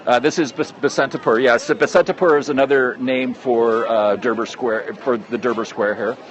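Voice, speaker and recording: A man's voice: medium pitch, fairly even intonation, moderate pace, lo-fi sound. A Canadian man walking through a busy outdoor square, talking into his phone in a rambling, friendly live broadcast with many fillers and restarts. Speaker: travel vlogger livestreaming. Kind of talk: casual live street broadcast. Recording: street noise from traffic. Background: crowd and motorcycles.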